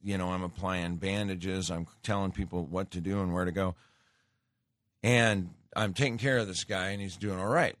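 A man with a low-sitting, fairly bright voice hosts a talk show from a studio, speaking at normal speed in a steady tone. The recording is dry, from a studio microphone. His casual radio monologue rambles conversationally, full of restarts and asides.

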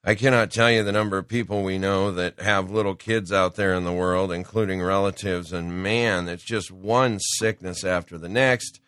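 Middle-aged male talk-radio host, folksy and rambling, sick with a cold, low voice, dry studio sound. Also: steady tone, moderate pace, few pauses, a bit bright, clean tone, no echo. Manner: folksy, rambling, with preachy asides. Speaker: radio show host and business owner. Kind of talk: casual talk-radio monologue.

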